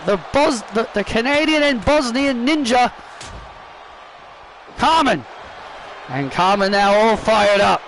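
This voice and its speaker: A man with a very high voice calls wrestling video game action as excited play-by-play. He keeps restarting and correcting himself and shouts when the big moves land. Steady background noise sits under the recording. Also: takes it slowly, pauses often. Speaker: YouTuber commentating his own wrestling video game matches. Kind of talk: excitable play-by-play commentary over gameplay.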